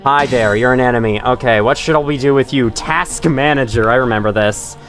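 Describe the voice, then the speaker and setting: A man's voice: mid-range voice, moderate pace, fairly bright tone, soft background music. A man streaming a game live from his room at home, chatting with viewers as he plays and swearing when things go wrong. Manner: chatty, reads chat aloud, swears when frustrated. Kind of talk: live gameplay commentary.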